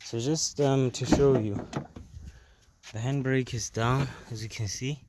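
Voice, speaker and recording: A man hosting a casual car repair video, explaining step by step in a halting way and repeating words as he works on a jacked-up car. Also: medium pitch, fairly even intonation, very noisy. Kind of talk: casual how-to demonstration.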